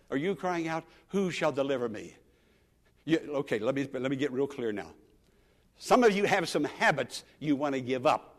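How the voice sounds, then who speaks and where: A male pastor preaching earnestly to a congregation. He repeats his phrases and moves between loud emphasis and soft asides. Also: fairly high pitch. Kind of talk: sermon. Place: church sanctuary. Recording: long church reverb.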